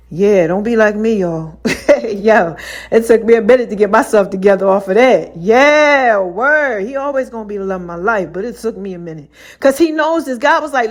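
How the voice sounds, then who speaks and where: A woman's voice: fairly high pitch, normal speed. A woman hosting her own podcast, telling personal stories in a loose, chatty way, laughing often and acting out other people's lines. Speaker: podcast host. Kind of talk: casual storytelling monologue.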